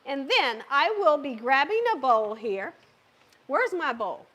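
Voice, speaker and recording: Hosting a live cooking stream, a woman chats playfully with her viewers and the live chat, laughing and cheering herself on as she cooks. Her high-pitched voice swings widely in pitch and moves slowly, with background noise behind it.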